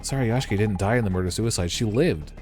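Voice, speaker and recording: A man voicing a calm, blunt young woman detective who speaks matter-of-factly. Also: fairly low pitch, fast, faint music behind, close to an everyday voice. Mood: cool.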